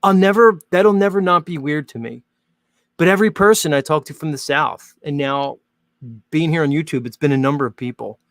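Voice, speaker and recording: A man hosts his show in a casual, joking monologue, wandering from thought to thought with plenty of fillers. His voice has a gravelly, fry-tinged texture. The sound is dry and close, with no room echo. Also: a little high, a little fast, fairly bright tone. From Northern Hemisphere. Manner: chatty, rambling, jokey, many "like" fillers. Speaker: host.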